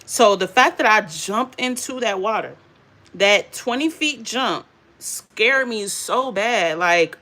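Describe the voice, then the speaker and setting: Woman, young adult, animated storytelling vlog, mid-pitched voice. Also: takes it slowly. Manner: animated, laughing, addresses viewers as y'all. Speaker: beauty and faith vlogger. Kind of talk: casual storytelling chat.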